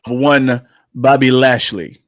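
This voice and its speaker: A man's voice: medium pitch, fairly even intonation, takes it slowly, dry recording, studio quality. A man hosting a casual panel chat, reading out stats and stumbling over restarts. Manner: reads out stats, many restarts and fillers. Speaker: host running the tier list.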